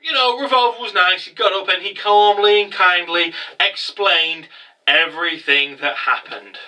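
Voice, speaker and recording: A man recapping an anime episode casually, animated and swearing freely. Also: sits high, normal speed, recorded from a distance, poor audio. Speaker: anime reviewer.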